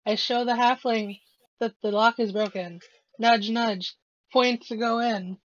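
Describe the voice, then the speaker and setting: A woman's voice: a little high, fairly even intonation, unhurried, dry recording, dull audio. A woman player in a tabletop role-playing game who has hiccups, describing her character's actions in a playful, joking way.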